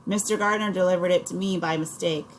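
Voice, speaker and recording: Woman voicing a drawling older man, wry, low, audiobook. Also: fairly even intonation, fast talker, a little hiss or hum, natural voice.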